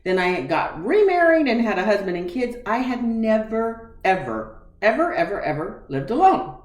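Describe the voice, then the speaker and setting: A woman's voice: mid-range voice, moderate pace, reverberant. A woman in her forties, candidly telling a personal story with emotion, acting out the conversations she recalls. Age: 40s. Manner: candid, emotional, animated retelling with quoted dialogue. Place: room in her home.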